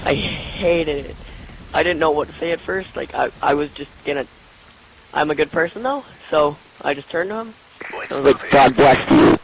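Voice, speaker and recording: A man hosting a gaming channel answers questions over gameplay in a rambling, crude, joking way, packing his speech with "like" and "you know". His voice is a little high and creaky, he talks fairly quickly, and the background is noisy.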